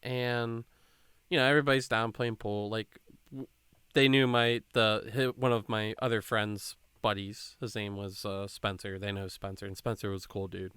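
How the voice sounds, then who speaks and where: A man's voice: fairly low pitch, little pitch movement, normal speed, fairly bright tone, smooth, no room sound. A young man hosting a podcast, telling a rambling, swear-filled story in casual chat and quoting people along the way. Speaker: podcast host.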